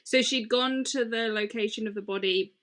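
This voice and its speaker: Tired young woman with a bright voice. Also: fairly high pitch, fairly even intonation. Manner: quick questions, jokey, interrupts. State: tired, yawning. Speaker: podcast co-host. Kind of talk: casual true-crime chat.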